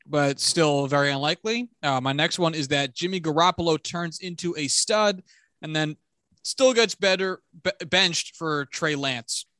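Casting note: man co-hosting a sports podcast, bright and slightly high voice, joking, self-deprecating. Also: no echo, clean studio sound. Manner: chatty, self-deprecating, joking trash talk. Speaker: podcast co-host. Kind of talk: casual sports chat.

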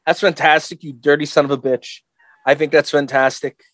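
A man's voice: fairly high pitch, level tone, moderate pace, a bit bright, no room sound. A middle-aged man co-hosting a podcast, chatting casually and rambling, laughing often and acting out voices. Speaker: podcast co-host. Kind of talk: casual comedic chat.

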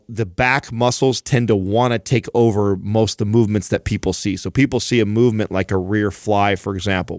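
A man's voice: lowish voice, dry recording, studio quality. A man co-hosting a podcast, telling a rambling, self-mocking story in casual chat. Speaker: podcast co-host.

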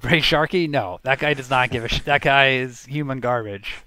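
A man with a clear, resonant voice holds forth on a movie in casual podcast chat. He is blunt and opinionated and swears without a second thought. The sound is dry and close. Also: medium pitch, moderate pace, bright, forceful tone, dry recording. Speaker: podcast co-host.

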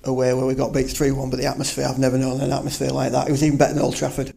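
A middle-aged man answering quick-fire questions as a guest, with short enthusiastic replies that often start with "uh". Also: mid-range voice, monotone, gravelly, mellow, slightly rough. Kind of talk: casual chat in a quick-fire interview.

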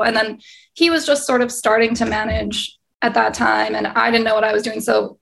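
Gravelly young woman chatting on a video call. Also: on the high side, fairly even intonation, normal speed, a bit bright. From Canada. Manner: chatty, filler-heavy, laughs often. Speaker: singer-songwriter guest. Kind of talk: casual interview over video call.

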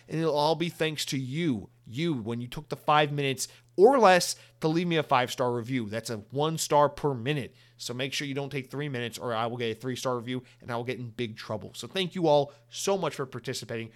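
A man's voice: fairly high pitch, a little fast, fairly bright tone. A man hosting a solo gaming podcast from his home office, rambling and sarcastic, swearing freely as he mock-rants at listeners. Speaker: podcast host. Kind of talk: solo podcast news and outro rant.

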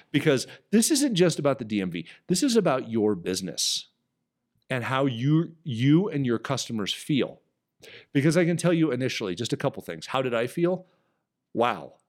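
A man hosting a business podcast, telling a story in an animated, emphatic way. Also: mid-range voice, normal speed. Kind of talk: storytelling monologue.

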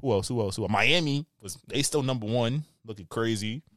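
A man with a New York accent rants on a podcast, animated and profane, his voice sitting at an everyday pitch. The sound is close and dry, with no room around it. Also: a little fast, no room sound. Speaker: podcast co-host. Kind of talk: casual podcast banter.

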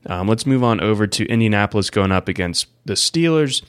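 A man hosting a fantasy football podcast, relaxed, moving the talk along with short questions and fillers. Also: fairly low pitch, a little fast, clean tone, dry recording, studio quality. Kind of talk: casual sports chat, asking questions.

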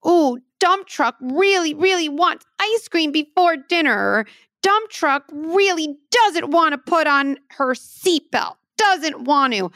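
A woman's voice: high voice, lively intonation, takes it slowly, a bit bright, dry recording, studio quality, pitched above the performer's own voice, exaggerated voice. A woman voicing a stubborn little toy dump truck in pretend play, whiny and singsong. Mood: whiny wanting.

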